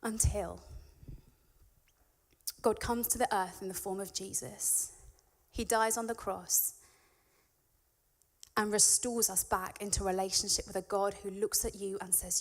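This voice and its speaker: A woman's voice: mid-range voice, fairly even intonation, unhurried, pauses often. A woman preaching in a church, reading scripture and then explaining it in an earnest, conversational way that builds to emphatic peaks. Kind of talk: sermon with Bible reading.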